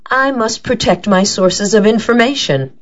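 A woman voicing a composed, shrewd male lawyer who speaks calmly and politely, on a dull lo-fi recording. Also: mid-range voice, unhurried, pitched above the performer's own voice, natural voice.

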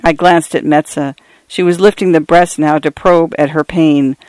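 A man's voice: on the high side, steady tone, measured pace, darkish tone, no echo. Man narrating a literary audiobook.

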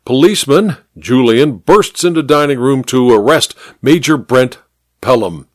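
A man's voice: medium pitch, expressive, measured pace, dry recording, lightly acted. A flustered older judge who stammers in a radio mystery story, read by a male narrator. His voice rises and falls a lot, heard close and dry.

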